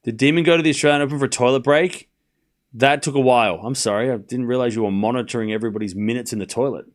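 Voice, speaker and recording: A man hosting a live tennis watchalong stream, calling the score and chatting casually with his viewers in an excitable, teasing way. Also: very fast. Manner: excitable, jumps up in pitch and volume, chats with viewers; teasing, laughs often.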